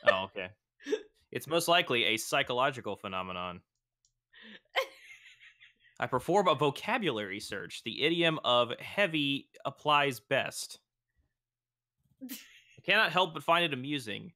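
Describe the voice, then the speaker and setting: A man voicing a calm, reflective female android girl, reading game text aloud in a slow, deliberate way. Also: mid-range voice. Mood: musing.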